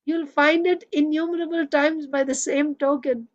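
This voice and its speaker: A woman's voice: high-pitched, steady tone, moderate pace, highs cut off, voice pushed up, close to an everyday voice. A woman reading the lines of a rambling, agitated young man heckling a speaker. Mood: insistent. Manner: rambling, insistent.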